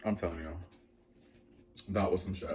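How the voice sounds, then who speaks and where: A man's voice: low voice, steady tone, moderate pace, a crowd in the background. A man vlogging at home, telling a long story in a casual, rambling way with lots of fillers. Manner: rambling, filler-heavy, anxious retelling. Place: at home, indoors.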